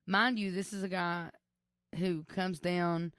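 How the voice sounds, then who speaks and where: A young woman, co-hosting a casual podcast chat and telling a story with lively quoted voices. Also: fairly low pitch, slow pace, no echo, studio quality. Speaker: podcast co-host.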